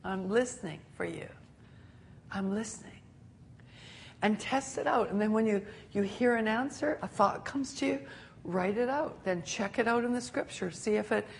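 An older woman preaching a sermon, animated and laughing often as she acts out quotes. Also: medium pitch, normal speed, vocal fry, a little hiss or hum.

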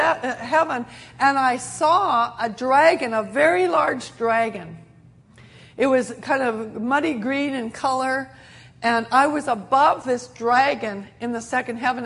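A woman's voice: on the high side, a bit bright. A middle-aged woman preacher telling a sermon testimony in an earnest storytelling way, with many restarts.

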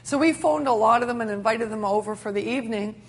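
A woman's voice: a little high, fast, vocal fry. A middle-aged woman preacher telling a sermon testimony in an earnest storytelling way, with many restarts.

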